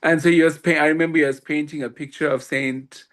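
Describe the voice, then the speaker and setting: A man, a swami and podcast guest, telling a personal story in an animated way with frequent laughter and acted-out dialogue. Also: on the high side, quick pace.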